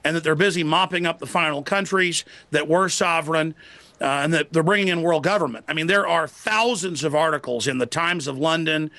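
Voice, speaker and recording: A man's voice: on the high side, brisk, pushed and bright, no room sound. A man arguing angrily as an interview guest, ranting in a declamatory way. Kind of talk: heated political argument.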